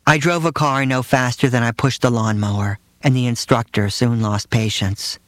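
A man reads his first-person memoir in a dry, matter-of-fact way, at an even middle pitch. He is close to the mic in a dead, echo-free studio. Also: normal speed. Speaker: narrator reading his own memoir.

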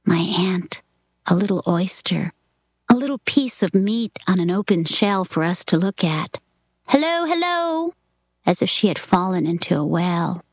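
A woman reading a novel aloud in a soft, reflective way that drops into a whisper at times. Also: on the low side, moderate pace, husky, no echo. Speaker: reader.

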